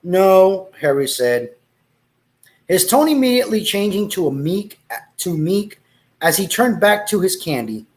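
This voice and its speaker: A man's voice: sits high, big pitch swings, measured pace. A man reading a story aloud, breaking off to laugh and make asides, with Spanish exclamations.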